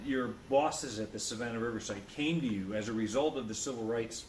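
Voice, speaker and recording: A man's voice: mid-range voice, fairly quick, a little mellow, distant mic. A male interviewer sits well back from the mic, so his voice comes across roomy and echoey over faint noise. He prompts his guest with questions and checks facts as the story goes. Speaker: oral history interviewer.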